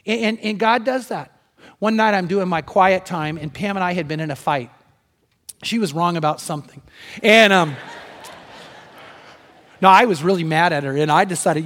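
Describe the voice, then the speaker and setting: A man preaching a sermon as pastor, animated, moving between loud emphasis and hushed storytelling. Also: high voice, brisk, long reverb tail. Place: church sanctuary.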